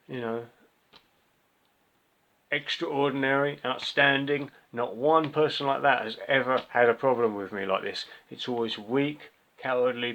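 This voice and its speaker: A man's voice: medium pitch, a bit bright, slight background noise. A man giving a ranting monologue review of a record, angry, profane and sarcastic. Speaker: music reviewer. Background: faint music from the record being reviewed.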